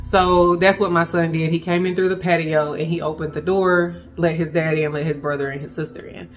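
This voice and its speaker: A woman recounting a frightening personal experience to her viewers, speaking in halting bursts and addressing them directly. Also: deep voice, flat delivery, soft background music. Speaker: vlogger telling a personal story. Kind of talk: emotional personal storytelling.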